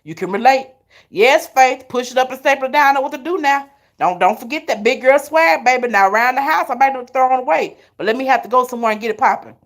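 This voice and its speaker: Middle-aged woman, live-stream host, chatty and animated, fairly high voice. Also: fast talker. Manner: animated, chatty, laughs often. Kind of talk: casual storytelling to viewers.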